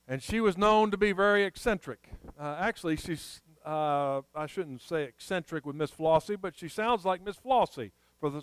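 Middle-aged preacher man, high smooth voice, folksy storytelling sermon, dry close sound. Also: no echo, low-quality recording. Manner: folksy storytelling, earnest prayer. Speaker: pastor. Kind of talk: sermon with storytelling and scripture reading.

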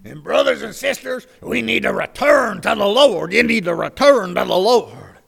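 A man's voice: sits high, expressive, moderate pace, vocal fry, a bit bright, big-room sound, pitched above the performer's own voice, full character voice. A preacher acting out a country revival preacher exhorting his congregation in a sermon.

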